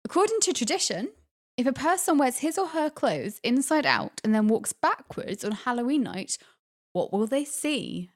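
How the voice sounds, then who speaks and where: A woman's voice: high voice, very animated, normal speed. A woman hosting a quiz on a casual podcast, upbeat and laughing often. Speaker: quiz host.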